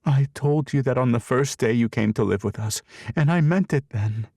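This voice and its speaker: A man's voice: medium pitch, moderate pace, warm tone, dry recording, studio quality, pitched above the performer's own voice, close to an everyday voice. A man voicing a loving, fierce middle-aged adoptive mother in an audiobook, speaking emphatically and tenderly. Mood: tender, fervent.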